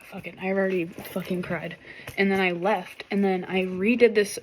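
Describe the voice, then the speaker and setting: A young woman reads tarot cards for her viewers in a loose, animated way. She swears freely and speaks straight to the people watching, pushing them to go after their purpose. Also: medium pitch, a little fast. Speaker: tarot reader. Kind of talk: casual tarot reading to camera.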